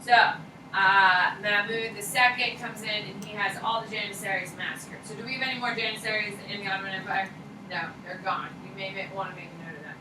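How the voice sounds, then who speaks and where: A woman teaching a high school history class, talking casually and candidly and swearing offhandedly as she lectures. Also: steady tone, fairly quick, noisy background. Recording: echoey classroom from far off.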